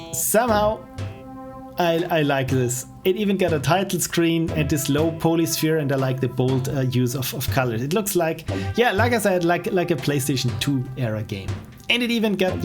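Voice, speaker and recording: A man casually commenting while playing indie games on a stream, enthusiastic and self-deprecating. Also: on the high side. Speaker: game streamer.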